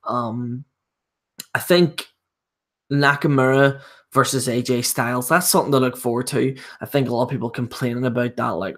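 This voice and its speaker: A man's voice: mid-range voice, steady tone, moderate pace, fairly bright tone. Blunt, profane young man. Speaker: wrestling reviewer. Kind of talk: casual livestream rant.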